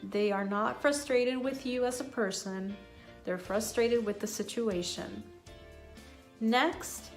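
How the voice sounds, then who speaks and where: A woman teaching an English lesson, modelling phrases slowly and clearly. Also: a little high. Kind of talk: scripted lesson.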